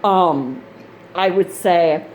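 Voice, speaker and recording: A woman's voice: fairly low pitch, drawn-out words, slight background noise. A woman, a mother of grown kids, chatting in a rambling, casual vlog style about gaming gear, laughing often. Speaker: gaming channel host.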